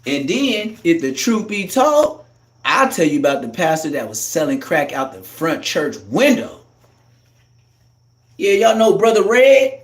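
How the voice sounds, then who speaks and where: A man doing a loud, profane, heated comic rant as a live streamer, recorded in an echoey room. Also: high voice, very animated, unhurried, recorded from a distance.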